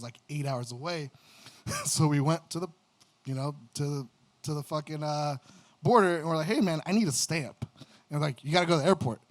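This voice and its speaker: A band member casually telling a story on a livestream, laughing often, swearing, and quoting what people said. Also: male voice, fairly high pitch. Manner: laughing, profane, quotes others.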